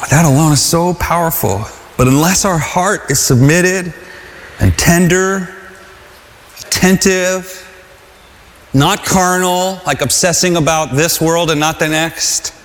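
A man's voice: a little high, slight background noise. A man preaching a sermon, earnest, repeating phrases and asking the congregation to say lines back with him. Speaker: pastor. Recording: long hall reverb.

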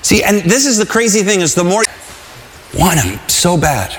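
High-voiced preacher man in a reverberant hall. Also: big pitch swings, a little hiss or hum. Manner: earnest, halting with restarts, rising to shouted calls. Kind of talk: sermon.

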